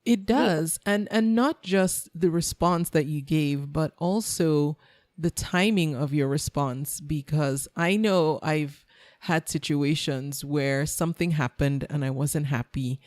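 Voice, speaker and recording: Brief: low-pitched woman host, chatty, dry close sound. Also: measured pace, darkish tone, no echo. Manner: chatty, restarts her sentences often. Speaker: podcast host. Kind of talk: casual interview chat.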